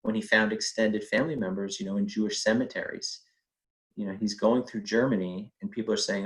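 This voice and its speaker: Man telling a family story, lowish voice. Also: steady tone, brisk, fairly bright tone, low-quality recording. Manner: conversational, with fillers and acted quotes. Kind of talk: personal storytelling.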